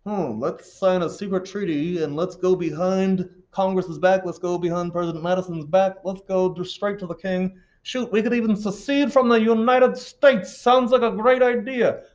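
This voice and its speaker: A man's voice: high-pitched, steady tone, moderate pace, hardly any pauses, a little mellow, pitched above the performer's own voice, natural voice. A man voicing plotting New England Federalist men in an odd put-on accent, sly and conspiratorial, on a dull lo-fi recording. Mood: scheming.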